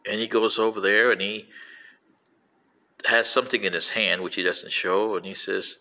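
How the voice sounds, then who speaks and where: A man, a Spanish speaker by birth, tells stories to an audience and keeps turning to them with direct asides. His voice is bright and edged, and it leaps upward whenever he stresses a point. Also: normal speed, pauses often. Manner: animated, pitch jumping on emphasis; addresses listeners directly with asides. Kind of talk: storytelling talk.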